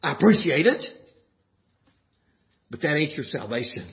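A man preaching a sermon with passion, rising to shouts and dropping low. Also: very animated, a little slow, gravelly, muffled recording.

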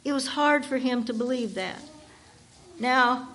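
A woman preaching a sermon, reading song lines slowly and with emphasis, often restarting her sentences. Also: sits high, a bit bright. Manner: slow, emphatic reading with drawn-out words.

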